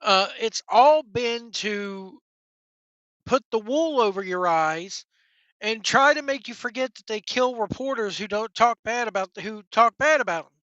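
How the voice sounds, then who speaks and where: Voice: medium pitch, animated, a little slow, a bit bright, dry recording, muffled recording. Blunt, sarcastic wrestling vlogger. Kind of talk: casual opinion rant.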